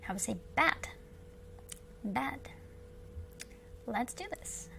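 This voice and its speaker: A woman with a Russian accent, teaching Russian to beginners, who patiently repeats each word slowly several times. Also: on the high side, lively intonation, gravelly, background noise. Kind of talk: slow beginner language lesson.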